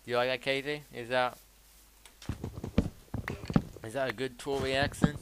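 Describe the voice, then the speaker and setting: A man's voice: mid-range voice, steady tone, moderate pace. A man chatting casually as he streams a game, rambling and answering his chat. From south of England. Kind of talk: casual live-stream commentary while gaming. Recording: loud background noise with mouse clicks.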